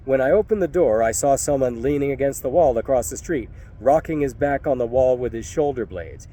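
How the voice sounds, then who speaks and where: A man reads a first-person novel aloud in a wry, loose, conversational way, swearing freely as he tells it. His voice sits at an everyday middle pitch. The delivery feels like a story told to a friend. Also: expressive, a little fast, warm tone. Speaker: audiobook narrator.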